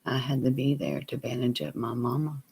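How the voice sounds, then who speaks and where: A man telling a personal story on his vlog, plain and unhurried, sometimes dropping to a near whisper. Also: medium pitch, gravelly, a little mellow, a little hiss or hum. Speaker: vlogger.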